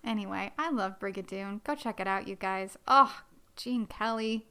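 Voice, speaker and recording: A woman's voice: mid-range voice, moderate pace, pushed and bright, smooth. A woman hosting a casual solo history podcast, chatting in a gushing, bubbly way. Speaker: podcast host.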